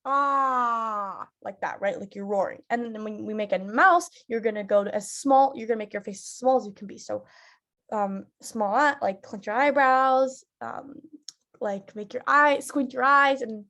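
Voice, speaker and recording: A woman with a fairly high voice walks a group through acting warm-ups. She talks loosely, with many fillers, and bursts into loud roars and sirens to show each exercise. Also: moderate pace. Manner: instructive, filler-heavy, with loud vocal demonstrations. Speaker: drama teacher. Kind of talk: leading theatre warm-up exercises.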